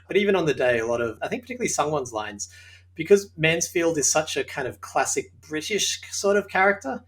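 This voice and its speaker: A man's voice: mid-range voice, a bit bright. Laughing Australian man in an interview. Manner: friendly, laughs often, thoughtful and lightly humorous. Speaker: show creator, interview guest. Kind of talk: casual interview answers.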